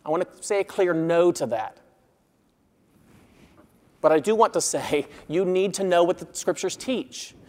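A man preaching an expository sermon as pastor, earnest, growing loud when reading scripture and quiet on asides. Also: sits high, lively intonation, a little slow, long pauses, big-room sound.

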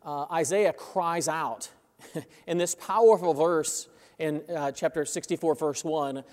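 A man's voice: on the high side, slow pace, darkish tone. A man preaching a sermon as a pastor, conversational, checking in with his listeners, chuckling between phrases and building in intensity. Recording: long reverb of a large hall.

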